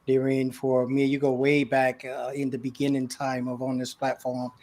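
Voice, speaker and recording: A man introducing himself as a consultant on a livestream panel, laughing easily and filling pauses with "uh". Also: medium pitch, monotone. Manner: warm, laughing, with many filler "uh"s. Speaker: leadership consultant, panel guest. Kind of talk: casual self-introduction.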